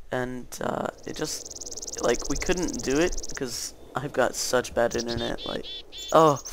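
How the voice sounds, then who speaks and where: Rambling teenage boy with a gravelly voice. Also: medium pitch, a little hiss or hum. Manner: rambling, self-correcting, many fillers. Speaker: gaming channel host. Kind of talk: casual gameplay commentary.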